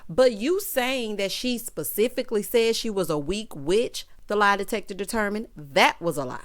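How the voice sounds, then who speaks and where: A woman's voice: medium pitch, animated, normal speed. Sassy woman recapping reality TV. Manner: sassy, drawling asides of "child" and "honey"; laughs at her own jokes. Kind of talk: casual opinionated commentary.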